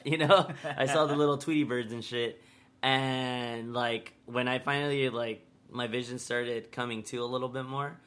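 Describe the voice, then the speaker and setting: A man's voice: mid-range voice, a bit bright. A young man co-hosting a podcast, telling a story in a loose, rambling way, laughing often and swearing casually. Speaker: podcast co-host.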